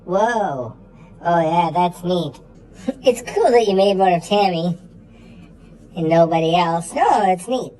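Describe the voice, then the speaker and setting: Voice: medium pitch, lively intonation, takes it slowly, long pauses, warm tone, rough recording. A performer voicing Greg, a goofy, melodramatic boy puppet on a children's show who hams it up and fakes tears. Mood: teasing. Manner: hammy, teasing, fake-sobbing delivery.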